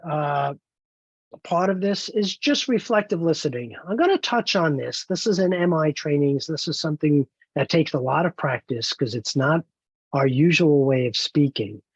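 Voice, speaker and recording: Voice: medium pitch, expressive, normal speed, slightly rough, dry recording, dull audio. A trainer leading an online training webinar, encouraging and explaining step by step over a video call.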